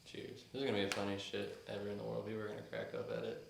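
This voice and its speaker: Brief: deep-voiced young male podcast host, joking and teasing, echoey room with faint hiss. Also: monotone, very fast, gravelly. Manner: joking, teasing, laughs easily. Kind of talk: casual chat.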